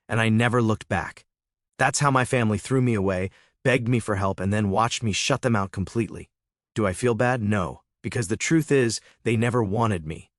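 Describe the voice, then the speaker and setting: A man's voice: on the low side, dry recording, clean studio sound. A man narrating a first-person scripted story in a smug, matter-of-fact manner.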